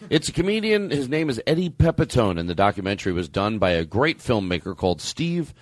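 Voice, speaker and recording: A man's voice: lowish voice, fairly quick, a little hiss or hum. A man hosting a comedy podcast, rambling and swearing in casual banter. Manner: profane, rambling, animated. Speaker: podcast host.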